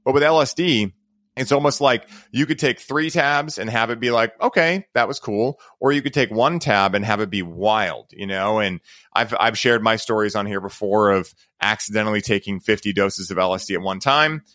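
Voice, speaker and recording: A man's voice: lowish voice, moderate pace, a bit bright, no room sound. A man hosting a podcast, telling stories in a rambling, casual way and leaning on filler words. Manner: rambling, heavy use of "like" and "right?". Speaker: podcast host.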